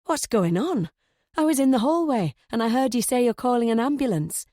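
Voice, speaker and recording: In a clean studio recording with no room sound, a woman voices a concerned young man, pitching slightly above her own natural voice while staying close to everyday speech. Her voice is on the high side and dark in tone, with lively intonation at a fairly quick pace.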